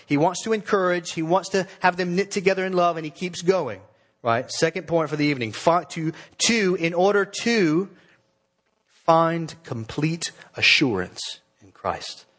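Pastor preaching an earnest sermon, a man with a somewhat high voice who leans on key words. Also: lively intonation. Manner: earnest, exhorting, with slowed emphatic phrases.

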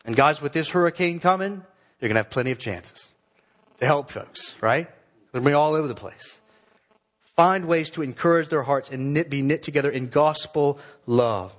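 A pastor with a slightly high voice preaches to his church, earnest and exhorting, slowing down to stress key phrases.

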